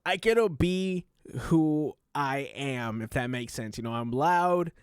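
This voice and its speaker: Animated man streamer reacting. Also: medium pitch, slow, smooth, dry recording, clean studio sound. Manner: animated, loud showman delivery with laughs. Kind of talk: casual reaction commentary.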